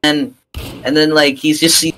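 A man chatting excitedly with friends while playing an online shooter, yelping and laughing under fire. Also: on the high side, normal speed, a little hiss or hum. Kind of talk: casual gameplay chat.

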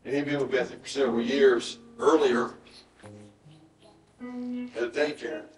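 A middle-aged man, preaching a sermon and telling a personal story in an earnest voice that often drops to a hushed, emotional tone. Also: medium pitch, steady tone, a little slow, soft background music. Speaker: pastor. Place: church sanctuary. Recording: roomy church sound from a distant mic.

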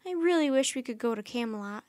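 A woman voicing an eager, excitable young girl in a children's storybook, speaking with bright, insistent excitement. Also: fairly high pitch, fast, no echo, studio quality, lightly acted. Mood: wistful.

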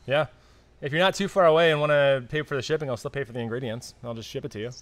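A man chats offhandedly on a brewery live stream, tossing out jokes and half-formed ideas. His voice sits at an ordinary middle pitch and he rambles loosely through fillers. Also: very fast. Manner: offhand, joking, thinks aloud with fillers. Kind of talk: casual live stream chat.

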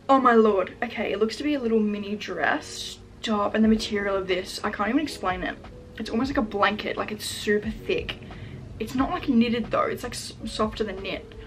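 A young woman vlogger chatting casually while unboxing packages at home, gushing and excitable, full of "like" fillers. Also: fairly high pitch. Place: room at home. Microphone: camera set up in front of her.

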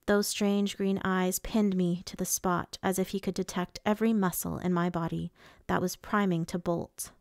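A woman narrating a novel in the first person with a measured, even storytelling manner. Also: lowish voice, no echo, clean studio sound. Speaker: audiobook reader.

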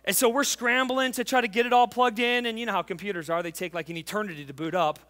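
A man in his forties preaching a sermon as pastor, fervent and emphatic, telling a family story and dropping to quiet intimacy. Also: high voice, steady tone, fast. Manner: tells a family story, acting out the voices.

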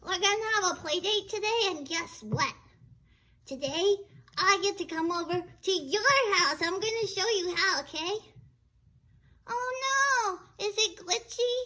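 A woman's voice: very high-pitched, expressive, measured pace, pushed and bright, exaggerated voice. A chirpy little-girl puppet. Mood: eager. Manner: childlike, hesitant fillers, sings along eagerly. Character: cheerful little girl puppet, chatty and eager. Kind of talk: children's puppet show. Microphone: livestream phone or camera mic.

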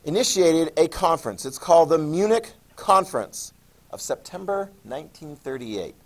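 Guy teaching history to a class, voice swoops up and down a lot, kinda high, quizzes the room. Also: normal speed. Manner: animated, acts out countries in jokey voices; asks the class questions. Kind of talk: classroom lecture.

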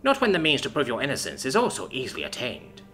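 A man voicing an imperious female dragon ruler who speaks in a measured, silky, threatening way. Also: medium pitch, wildly swooping pitch, pushed and bright. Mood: cool menace. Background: faint background music.

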